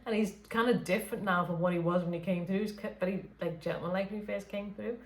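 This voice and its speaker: A woman's voice: medium pitch, fairly even intonation, quick pace, roomy sound, a little hiss or hum. A woman speaking as a spirit medium in an unscripted late-night session, hesitant, with many fillers and restarts. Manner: talks softly at late night hours. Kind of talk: unscripted channelling session talk.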